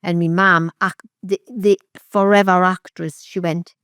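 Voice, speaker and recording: A middle-aged woman, a podcast guest giving candid, halting personal testimony and re-enacting what others said. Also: mid-range voice, steady tone, a bit bright, clean tone, dry recording, clean studio sound. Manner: candid, halting, with vivid re-enactments of remembered speech. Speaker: interview guest.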